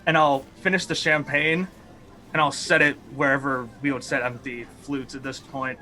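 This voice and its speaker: A man playing a tabletop game over a call, briskly describing what his character does. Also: mid-range voice, level tone, bright, forceful tone. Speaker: player.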